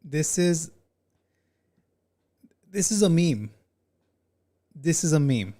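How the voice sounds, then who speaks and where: A man hosting a casual reaction commentary, animated and talking straight to his chat. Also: a little high, slow pace. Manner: animated, talks to chat, says "bro" often. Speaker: commentary channel host.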